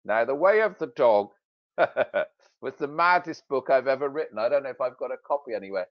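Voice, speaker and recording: A man's voice: mid-range voice, lively intonation, normal speed, no room sound, highs cut off. A British man, a sales expert and author, telling a story in casual podcast talk with jokey, self-mocking humor.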